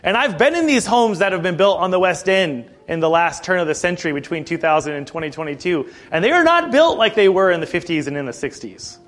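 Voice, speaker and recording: A man preaching a sermon in a conversational, animated way, with frequent asides to the congregation. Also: high-pitched, quick pace, few pauses. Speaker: pastor.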